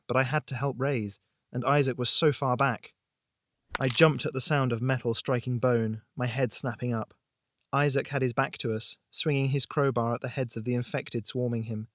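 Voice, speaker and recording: A man's voice: mid-range voice, dry recording, clean studio sound. Man narrating a tense horror story. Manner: dramatic, measured storytelling. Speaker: podcast host and narrator. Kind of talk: scripted audiobook narration.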